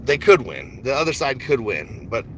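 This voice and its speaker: A man's voice: medium pitch, big pitch swings, moderate pace, fairly bright tone, a little hiss or hum. A man talking casually on a stock market livestream, rambling and slangy, with frequent laughs. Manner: rambling, laid-back, slangy, laughs often.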